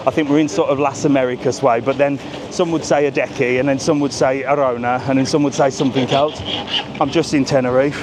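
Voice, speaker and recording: Walking a crowded seafront at night, a British travel vlogger speaks fairly quickly with medium pitch and fairly even intonation, joking cheekily and swearing lightly. He records live on a small camera carried in hand, with background noise and street music behind him.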